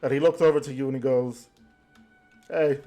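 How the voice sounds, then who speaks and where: A man running a tabletop game as game master, narrating with many pauses and fillers. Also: mid-range voice, fairly even intonation, dark tone, faint music behind.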